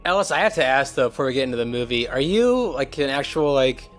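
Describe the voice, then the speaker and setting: A man's voice: mid-range voice, animated, quick pace, faint music behind. A man hosting a podcast in casual chat, jokey and rambling. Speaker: podcast host.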